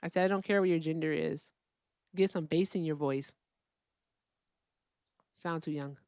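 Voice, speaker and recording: Lowish-voiced woman streamer, blunt and swearing at callers, dry close sound. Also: moderate pace, darkish tone, no echo. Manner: blunt and profane, talking to chat. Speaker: livestream host. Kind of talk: casual live debate stream.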